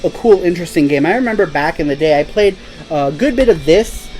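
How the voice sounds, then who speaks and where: A man's voice: on the high side, lively intonation, fairly quick, a little mellow, soft background music, low-quality recording. A man hosting a casual live stream, chatting in a rambling, laid-back way and laughing easily. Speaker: host.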